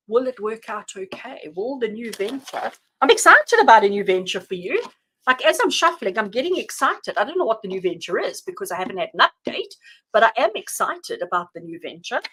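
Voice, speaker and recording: Chatty tarot reader woman, higher voice. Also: slightly rough, low-quality recording. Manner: chatty and animated, laughs often; addresses viewers warmly by name. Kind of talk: live-streamed tarot reading.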